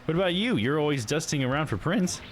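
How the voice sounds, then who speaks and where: A man's voice: fairly high pitch, expressive, quick pace, soft background music, voice pushed up, natural voice. A man reading the part of an earnest young male defense attorney with wry comebacks. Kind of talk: reading game dialogue on a livestream.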